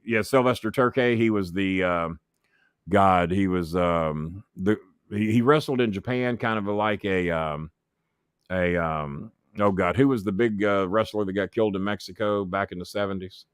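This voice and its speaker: A man's voice: low-pitched, normal speed, clear, resonant tone, dry recording, clean studio sound. A man, a former wrestling manager, tells backstage stories as an interview guest, swearing freely and acting out the voices of people he quotes. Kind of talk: profane anecdotal storytelling.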